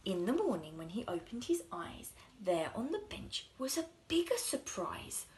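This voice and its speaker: A woman reading a children's story aloud in an expressive, sing-song way, dropping into soft whispers at times. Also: medium pitch, moderate pace, a little hiss or hum.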